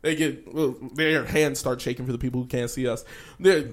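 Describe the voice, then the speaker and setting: A man's voice: medium pitch, steady tone, moderate pace. A man in casual podcast chat, blunt and profane, telling confrontation stories.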